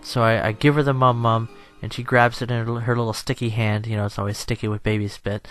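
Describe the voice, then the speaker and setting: A man's voice: mid-range voice, flat delivery, fast, a bit bright, soft background music. A tired young man chatting over gameplay as a channel host, rambling and self-deprecating, laughing often.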